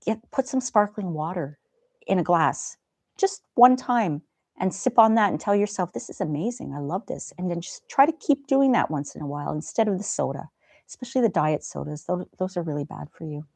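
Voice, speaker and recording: A gentle, chatty middle-aged woman hosting a live stream, talking to viewers and laughing now and then. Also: fairly low pitch, lively intonation, a little fast, dry recording. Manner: gentle, chatty, laughs often, soft asides. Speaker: live stream host reading chat. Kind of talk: casual live stream chat.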